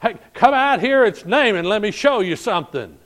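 Man doing a jubilant, high-voiced healed commander, overjoyed. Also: expressive, normal speed. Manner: jubilant, shouting with joy.

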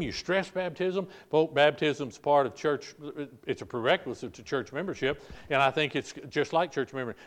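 An older man, a pastor preaching a sermon, calling out "folk, listen" and restarting phrases as he presses his points. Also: mid-range voice.

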